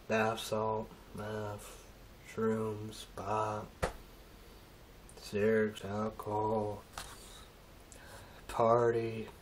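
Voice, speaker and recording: A man rambling through a halting, emotional monologue in a casual vlog, trailing off and restarting often. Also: fairly low pitch, slight background noise. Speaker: vlogger.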